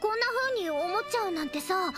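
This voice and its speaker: Rich: A very high, girlish voice belongs to a teenage anime schoolgirl. She speaks softly and wonderingly. Music plays clearly behind her. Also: lively intonation, racing. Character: bright teenage schoolgirl, confused about her feelings.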